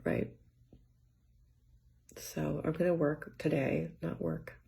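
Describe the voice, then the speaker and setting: Brief: woman vlogger, low-ish voice with heavy vocal fry, soft and halting, drifts into near-whispers. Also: steady tone. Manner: soft-spoken, often trailing into near-whispers; rambling, halting restarts, frequent light laughs. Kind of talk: reflective personal monologue. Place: home with cats.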